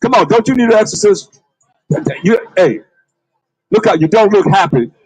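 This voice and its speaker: A man's voice: sits high, animated, normal speed, a little mellow, husky, dry recording, rough recording. A man preaching outdoors on a city street, confronting and calling out to passersby.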